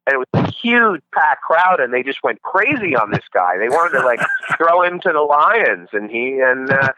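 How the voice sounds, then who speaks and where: A man calling into a podcast as a guest, telling dating-show stories in a casual, animated way. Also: medium pitch, moderate pace, a little hiss or hum. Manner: storytelling, animated retelling. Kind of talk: casual chat by phone. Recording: dull lo-fi call-in line.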